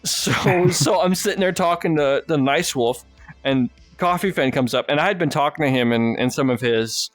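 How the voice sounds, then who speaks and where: Young male podcast host, slightly higher voice, dry close sound, rambling and profane storyteller. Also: moderate pace, no echo, faint music behind. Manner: rambling storyteller, swears freely, laughs often. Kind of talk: casual chat.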